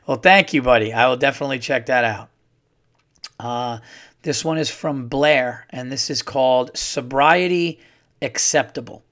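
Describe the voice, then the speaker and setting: Speaking at normal speed, a man with a medium pitch and a slightly bright tone hosts a solo podcast. He gets worked up and rants, rambling along and using plenty of profanity in this casual monologue.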